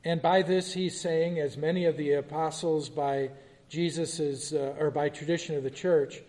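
A man teaching a Bible study, with a mellow, darker voice that sits a little high for a man. He reads scripture aloud and then quizzes the group, and a long reverb trails his words through a large hall. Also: fairly even intonation, moderate pace. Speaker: pastor.

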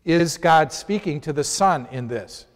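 A man's voice: fairly high pitch, expressive, a little slow. Man teaching in a reverberant hall. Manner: conversational, poses questions to the class. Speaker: Bible study teacher. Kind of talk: informal Bible lesson.

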